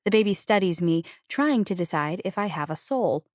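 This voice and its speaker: A woman's voice: fairly low pitch, expressive, normal speed, darkish tone, dry recording, clean studio sound. A woman narrating a novel in the first person, with a wry, conversational, self-deprecating delivery. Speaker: audiobook narrator.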